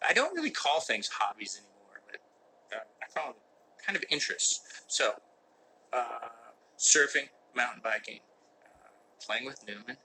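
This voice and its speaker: Man with a sharp, bright voice. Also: medium pitch, big pitch swings, normal speed, slight background noise, poor audio. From United States. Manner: reads fan questions aloud, joking and mock-serious. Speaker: actor hosting a live Q&A. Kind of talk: casual live-stream chat. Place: indoor room with a window that does not open.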